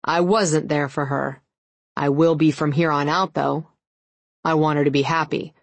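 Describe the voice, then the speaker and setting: A man's voice: a little high, little pitch movement, a little slow, vocal fry, dry recording. A woman reading the lines of a stern, protective older male werewolf uncle in an audiobook, blunt and disapproving.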